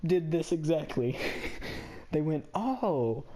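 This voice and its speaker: A man's voice: a little high, normal speed, warm tone. A young man casually telling a funny childhood story, rambling with lots of fillers and laughing often.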